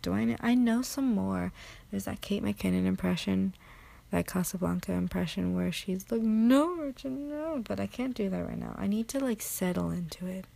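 A woman's voice: mid-range voice, normal speed, gravelly, warm tone. A tired woman rambling late at night in a recorded audio answer, drifting into half-whispers, mocking herself and swearing casually. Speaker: amateur audio creator.

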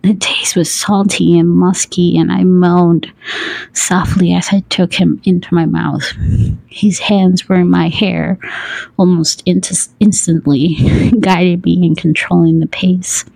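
Slow, husky whispering woman. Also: fairly low pitch, little pitch movement, no echo, rough recording. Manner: breathy whispered reading with soft laughs and self-corrections. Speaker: story reader. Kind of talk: whispered role-play.

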